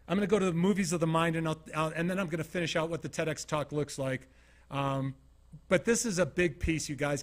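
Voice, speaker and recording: A man from Utah giving an informal motivational talk to a small studio audience. He tells stories with energy and keeps asking the listeners direct questions. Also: fairly high pitch. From Utah, USA. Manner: animated storyteller, asks the audience direct questions. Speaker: motivational keynote speaker.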